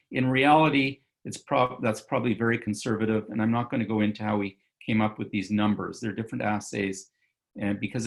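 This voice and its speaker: A man in a medical role talks through slides in a relaxed, unscripted online lecture. His voice sits at a middle pitch with a gravelly edge. He fills pauses with "um" and "uh" and often stops to correct himself. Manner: loose and conversational, with many fillers and self-corrections. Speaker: physician lecturer.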